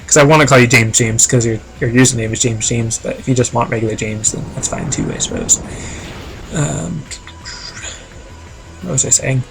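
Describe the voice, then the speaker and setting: A man's voice: medium pitch, moderate pace, creaky, long pauses, faint music behind. A man chatting casually on a live game stream, reading chat aloud and rambling with lots of fillers.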